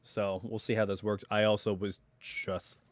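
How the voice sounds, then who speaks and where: Rambling, slightly hoarse man streaming live. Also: fairly low pitch, level tone, moderate pace, no echo. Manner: chatty and rambling, full of asides. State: hoarse, recovering voice. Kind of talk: casual live stream chat. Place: at home.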